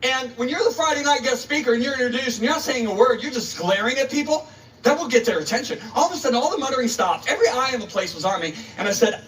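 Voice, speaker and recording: A man's voice: very high voice, expressive, fast, fairly bright tone. A male preacher telling a story in a sermon, dramatic and emphatic, acting out the voices, recorded on a distant mic. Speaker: preacher, guest speaker.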